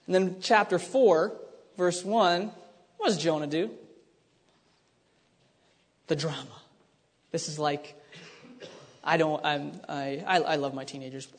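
A man preaching a sermon, animated and dramatic, acting out the lines he reads. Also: fairly high pitch, measured pace, long pauses. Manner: animated, acts out scripture voices, many restarts. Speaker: pastor. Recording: long hall reverb.

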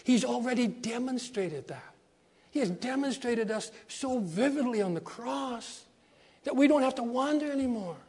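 High-pitched preaching man, mellow tone. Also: lively intonation, normal speed, husky. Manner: preaching with rising emphasis and repeated phrases. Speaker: pastor. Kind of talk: sermon.

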